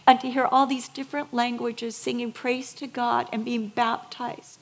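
A middle-aged woman delivers a sermon with a gravelly, creaky edge to her voice. Her pitch sits a little high for a woman. She tells stories with feeling and hammers home her points with emphatic repetition. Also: little pitch movement, moderate pace, few pauses. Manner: emotional storytelling, building to emphatic repetition. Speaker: preacher.

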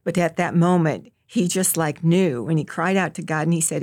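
A woman's voice: low voice, moderate pace, few pauses, a little mellow, dry recording. A middle-aged woman, a mother, earnestly telling a personal story in an interview and acting out what others said. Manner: earnest, acts out quoted voices. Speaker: guest, mother telling her daughter's story.

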